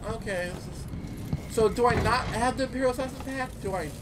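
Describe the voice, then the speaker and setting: A teenage man giving casual, rambling let's-play commentary, excitable and quick to swear. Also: very high voice, heavy background noise. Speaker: gameplay commentator. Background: game music.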